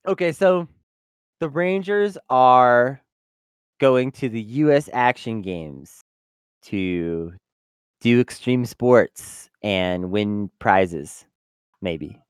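A man's voice: mid-range voice, animated, extremely slow, smooth, dry recording, clean studio sound. A young man co-hosting a casual review chat, wry and complaining. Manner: wry, complaining about plot convenience. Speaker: podcast co-host.

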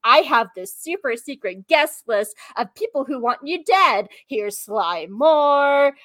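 This oblivious husband chirps along in a high, breezy voice, utterly careless, as a woman puts him on in a casual recap. He sounds light and unconcerned. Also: lively intonation, takes it slowly, fairly bright tone, no echo, full character voice.

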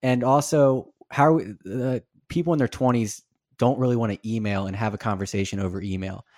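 A man's voice: medium pitch, fairly even intonation, fairly quick, darkish tone, no room sound, clean studio sound. A young man in his twenties co-hosting a podcast who earnestly explains his show's problem to the guest in a casual chat. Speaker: podcast co-host. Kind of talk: casual interview questions.

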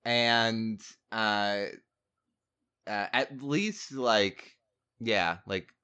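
A man's voice: lowish voice, extremely slow, sharp tone, clean tone. A man in casual chat about a movie, rambling with lots of fillers and the odd swear word.

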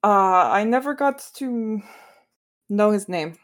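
A woman voicing a stern, formal woman spear warrior in a tabletop game, speaking in a measured way without contractions. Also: medium pitch, animated, voice pushed up. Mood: recalling.

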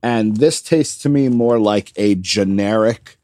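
A man's voice: on the low side, measured pace, darkish tone, no echo. A man co-hosting a casual podcast with a wry, teasing, self-deprecating manner. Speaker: podcast co-host.

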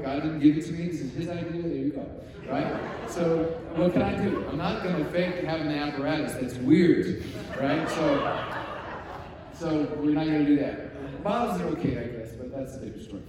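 A man in his forties preaching a sermon, telling family stories in a conversational way, dropping to soft, emotional tones. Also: fairly high pitch. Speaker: pastor. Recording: echoey hall from far off.

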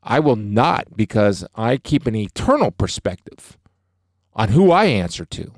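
Middle-aged male podcast co-host, low voice, dry close sound; earnest, emphatic talk about faith. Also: very animated, measured pace, no room sound. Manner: earnest, emphatic, declaring beliefs.

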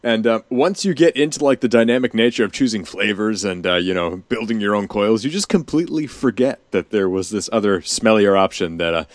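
A man's voice: on the low side, animated, brisk, few pauses, dry recording. A man chatting casually, rambling with fillers and restarts and laughing often. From Danish family. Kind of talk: casual chat.

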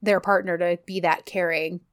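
A woman's voice: fairly low pitch, moderate pace. Chatty woman retelling a show. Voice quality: animated, acts out characters' lines while retelling. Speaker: podcast co-host recapping a TV series. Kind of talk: casual chat.

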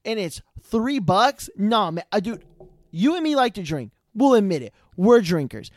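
A man's voice: sits high, sing-song, moderate pace, no room sound, clean studio sound. A man from Ireland, co-hosting a casual TV recap podcast, emphatic and laughing often. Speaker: podcast co-host.

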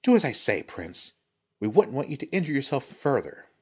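A man's voice: mid-range voice, wildly swooping pitch, normal speed, a little mellow, slightly rough, voice pushed up. A man voicing a scarred ronin woman who stays cool and taunting. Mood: commanding. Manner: silky, taunting.

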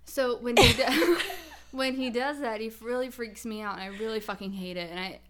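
A young woman chatting with friends on a podcast. Her voice sits a little high, and she rambles through her stories, laughing often and piling on fillers. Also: steady tone, fairly quick. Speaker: podcast co-host. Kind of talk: casual chat.

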